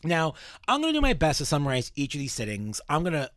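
Male podcast host, relaxed storyteller, casual fillers and swearing, dry close sound. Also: fairly high pitch, fast talker, dry recording.

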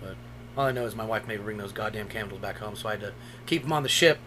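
A man's voice: fairly low pitch, fast talker, background noise. A young man co-hosting a podcast, telling stories in a loose, profane way. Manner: loose, profane storytelling with laughs. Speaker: podcast co-host. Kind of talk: casual chat.

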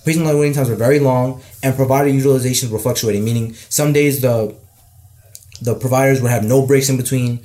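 A young man chatting casually as a guest, quick and full of likes and fillers. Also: mid-range voice, steady tone, warm tone. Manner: rapid, filler-laden, enthusiastic. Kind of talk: casual conversation.

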